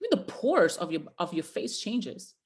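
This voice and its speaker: Addressing a group call, a female motivational trainer exhorts her listeners like a preacher, returning again and again to rallying lines. She speaks in a fairly low, very animated voice at a moderate pace.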